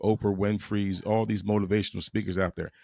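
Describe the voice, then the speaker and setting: Gravelly low-voiced man, halting. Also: level tone, dark tone, dry recording. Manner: halting, repeats words, laughs easily. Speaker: panel guest. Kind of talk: casual panel discussion.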